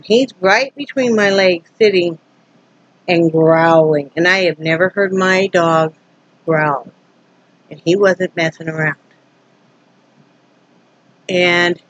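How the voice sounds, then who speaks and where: A woman's voice: on the low side, a bit bright, dry recording, highs cut off. A woman from Wyoming telling a story to her camera in a casual, rambling way, acting out both sides of a tense encounter with many restarts. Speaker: vlogger.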